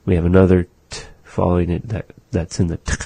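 A middle-aged man gives a relaxed language lesson, slowly and patiently repeating words to show how they sound. His voice is very low and mellow with a husky edge. It is recorded close and dry. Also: dry recording. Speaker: language teacher.

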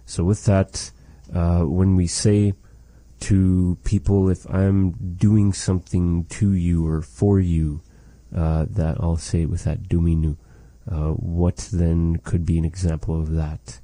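A man teaching a language lesson, saying phrases slowly and carefully and repeating them for learners. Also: low-pitched, level tone, warm tone, no room sound.

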